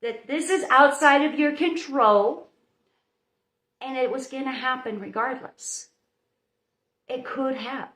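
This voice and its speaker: A woman's voice: sits high, slow pace, long pauses, a bit bright. A woman hosting a live baking stream, giving viewers a chatty, motherly pep talk in her home kitchen. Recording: roomy echo.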